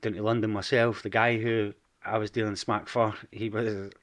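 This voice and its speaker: Scottish man, forties, Edinburgh accent, lowish, candid guest storyteller. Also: flat delivery, normal speed. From Scotland. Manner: frank storytelling, swears freely. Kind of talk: casual podcast interview.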